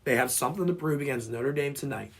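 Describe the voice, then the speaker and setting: A man co-hosting a casual sports podcast who has lost his voice and sounds hoarse and boyish, rambling and repeating himself as he talks sports. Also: mid-range voice, quick pace. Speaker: podcast co-host.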